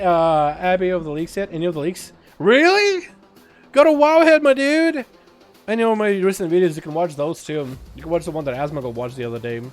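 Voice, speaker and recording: A young man casually commentating his game livestream, laid-back, laughing often and swearing casually. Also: high voice. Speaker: gaming streamer.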